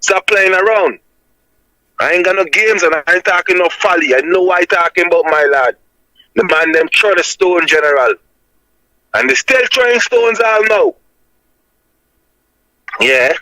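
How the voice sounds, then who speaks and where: A man's voice: high-pitched, pushed and bright, dry recording, poor audio. A Jamaican man calling in to reason, talking in an emphatic, preaching way and tagging "my lad" onto his points. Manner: emphatic and insistent, repeating "my lad" as a tag.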